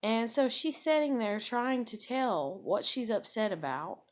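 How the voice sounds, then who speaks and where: A woman's voice: fairly high pitch, sing-song, a little slow. A woman venting angrily and bluntly to camera, swearing often. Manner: angry, profane, blunt. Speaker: vlogger. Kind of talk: personal vent to camera.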